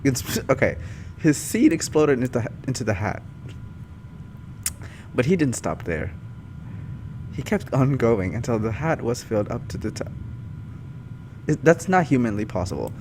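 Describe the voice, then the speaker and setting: A man doing a comic read-through of fan fiction, animated and often breaking off to laugh and comment. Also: medium pitch, moderate pace, pauses often, a little hiss or hum. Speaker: YouTuber reading fan fiction. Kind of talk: comic reading with live reactions.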